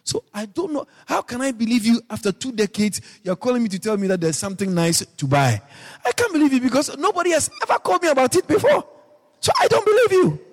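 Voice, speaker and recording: A Guyanese man preaching a radio sermon, emphatic, dropping into low asides and rising into high shouted repeats. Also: very animated, quick pace, big-room sound.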